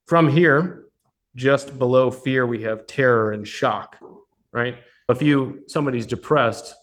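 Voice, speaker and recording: A man leading a live workshop as a business coach, talking bluntly with plenty of swearing and often checking in with the people in the room. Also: medium pitch. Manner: blunt, profane, keeps checking in with the audience. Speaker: business coach hosting a mastermind. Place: meeting room with a live audience.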